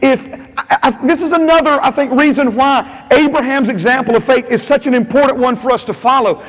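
A man's voice: very high voice, fairly bright tone, big-room sound. A man preaching a sermon as pastor, emphatic and repetitive, with frequent amens.

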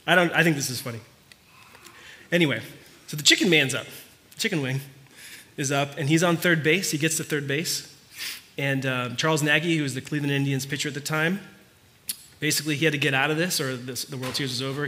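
A man preaching, telling a story in a conversational way that turns quiet and earnest. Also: medium pitch. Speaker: pastor. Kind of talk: sermon.

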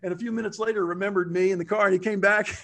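Animated high-voiced man telling a story. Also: rapid-fire. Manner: animated, acts out quotes with big pitch jumps. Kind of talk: casual storytelling.

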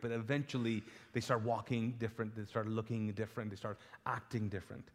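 A male pastor preaching a casual, humorous sermon to a live congregation, acting out scripture dialogue and often repeating words as he goes. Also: medium pitch. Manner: frequent word repeats and restarts. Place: church auditorium before a live congregation. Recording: long reverb of a church hall.

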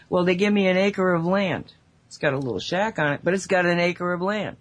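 A woman co-hosting a casual spiritual talk show, telling stories in a rambling, animated way with many asides, speaking over an online call mic. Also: fairly low pitch, a little fast. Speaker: radio show co-host.

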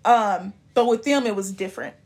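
A woman's voice: mid-range voice, normal speed, a little mellow. A young woman in her twenties, from Indiana, talking frankly and openly about her own life in a conversational way. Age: 20s. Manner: frank, conversational, emotionally open. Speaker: young churchgoer sharing her story. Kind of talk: candid personal talk.

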